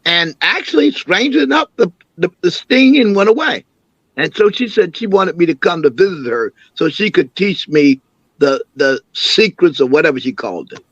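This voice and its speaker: A man's voice: sits high, normal speed, slightly rough, no room sound, dull audio. Older man telling family stories with animation. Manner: animated storyteller, acts out quoted voices. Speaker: imam and city councilman, interview guest. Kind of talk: recounting family memories in an interview.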